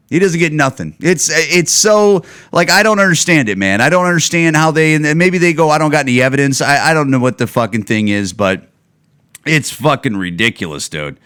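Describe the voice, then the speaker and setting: A man hosting his own podcast, ranting casually and sarcastically with plenty of swearing and loud, higher outbursts when he gets worked up. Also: lively intonation, normal speed, clear, resonant tone. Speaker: podcast host. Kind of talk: casual solo podcast rant.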